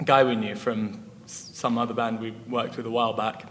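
A man's voice: medium pitch, flat delivery, fairly quick, a bit bright. Rambling young-sounding musician man, echoey hall. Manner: rambling, lots of fillers and laughs. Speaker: musician guest. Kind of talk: casual interview chat. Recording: echoey hall with faint noise.

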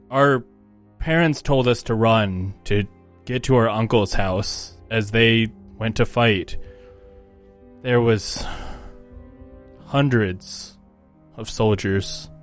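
A man voicing a grieving, earnest young male orc prince in a tabletop game, speaking in a halting, soft-spoken way. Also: mid-range voice, lightly acted. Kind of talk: tabletop role-play in character.

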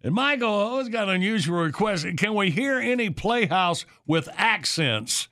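A man's voice: sits high, animated, moderate pace, sharp tone. A man hosting a morning radio show, greeting callers in a chummy, laughing way.

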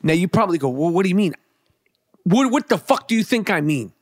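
A man's voice: sits high, very animated, a little fast, no room sound, studio quality. A man giving a brash, profane, hyped-up rant about the football weekend and his fantasy team. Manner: brash, swearing, hyped, repetitive. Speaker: sports commentator.

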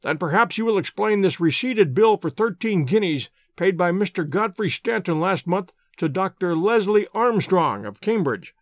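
A shrewd, unflappable detective read by a man questions in measured, courteous, dryly ironic phrases. The voice is fairly high and lively, recorded dry and close. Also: no echo. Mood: pressing. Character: shrewd, calm male detective, dry and wry.

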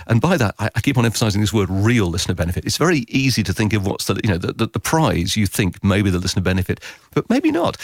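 A man answering interview questions about radio writing, animated and chatty, often acting out imagined voices. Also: vocal fry, no room sound, studio quality. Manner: animated, quotes imagined voices with big pitch leaps.

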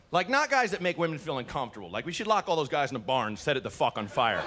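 A man from Portland doing a stand-up comedy set, telling animated stories and acting out characters, with swearing. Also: on the high side, a little hiss or hum. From Portland, USA. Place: comedy club stage.

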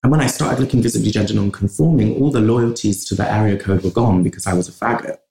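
Gravelly man, passionate. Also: lowish voice, fast talker, warm tone. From England. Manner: passionate, talks in long runs with restarts. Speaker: podcast guest. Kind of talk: conversational interview. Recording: roomy echo.

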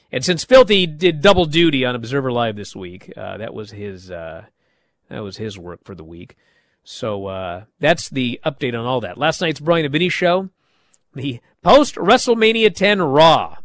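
A man hosting a show, recapping wrestling in a casual, animated way and acting out the quoted lines. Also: on the high side, dry recording, clean studio sound.

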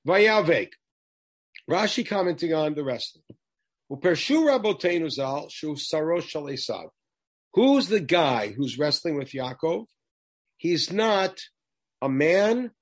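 A man leading a text study class, talking in an animated way and firing off rhetorical questions to his students. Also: fairly high pitch, takes it slowly, long pauses. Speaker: teacher.

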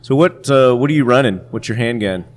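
A man's voice: mid-range voice, lively intonation, fairly quick. A man hosting a casual interview, asking questions and chiming in with short agreements. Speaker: podcast host.

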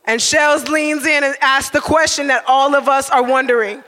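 A man tells a comic story live, animated and constantly checking in with "right?". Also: extremely high pitch, moderate pace, few pauses, long reverb tail. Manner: animated, keeps asking "right?".

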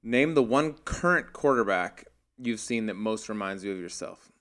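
A man's voice: on the low side, lively intonation, normal speed, fairly bright tone. A man co-hosting a studio podcast, teasing and joking with his guest in casual chat. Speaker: podcast co-host.

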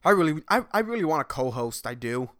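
Young guy rambling solo on his podcast, swearing a lot, bright voice all over the place. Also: a little high, quick pace. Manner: profane, animated and laughing. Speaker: podcast host.

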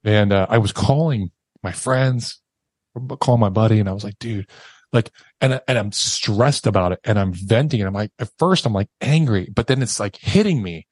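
A man's voice: on the low side, moderate pace, a little mellow, breathy edge, no echo. A man, a podcast guest, telling a raw, emotional personal story and swearing casually as he talks.

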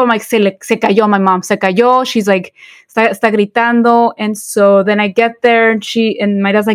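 A woman's voice: medium pitch, fairly even intonation, brisk, no room sound. Woman in her forties, chatty podcast co-host, dry close mic. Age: 40s. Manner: code-switching between English and Spanish, many fillers and restarts. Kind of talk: casual podcast chat.

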